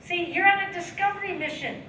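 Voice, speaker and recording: A woman giving a motivational sales training talk at a seminar, coaching the audience with rhetorical questions and acted-out sales pitches. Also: brisk, pushed and bright. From United States. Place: seminar room, heard from a distance. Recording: echoey room, distant mic, faint background noise.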